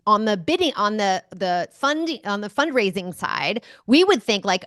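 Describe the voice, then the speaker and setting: A woman guest on an interview show, answering questions as an enthusiastic, animated storyteller. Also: mid-range voice, moderate pace, hardly any pauses, no echo, studio quality. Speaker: guest speaker. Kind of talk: conversational interview.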